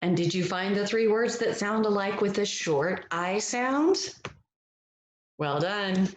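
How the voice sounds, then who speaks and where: A woman reading a picture book aloud as a phonics lesson, gentle and encouraging, stretching out the vowel sounds. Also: mid-range voice, animated, takes it slowly, reverberant, a little hiss or hum. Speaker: reading teacher.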